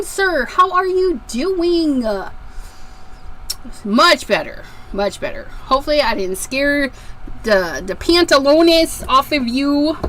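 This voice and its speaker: Chatty high-voiced craft livestream host. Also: female voice, sharp tone, a little hiss or hum, low-quality recording. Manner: chatty, greets viewers by name one after another. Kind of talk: casual livestream chat while crafting. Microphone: desk microphone with a level meter.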